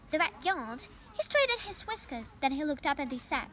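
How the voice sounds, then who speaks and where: A young woman from Ukraine, Ukrainian by first language, reads a children's story aloud in a careful, earnest way. Her voice sits high. The home recording carries a clear hiss. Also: very animated, moderate pace, few pauses, a bit bright. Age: young adult. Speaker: reader.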